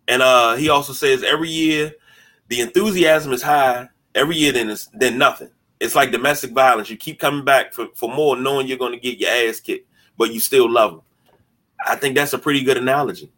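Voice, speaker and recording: A man hosting a sports podcast in casual talk, animated and mocking, often stumbling over repeated words as he starts a thought. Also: mid-range voice, a little fast. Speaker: podcast host.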